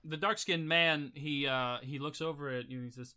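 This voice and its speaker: A man narrating as game master, casual and halting as he describes scenes. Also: a little high, fairly even intonation, pushed and bright, clean tone.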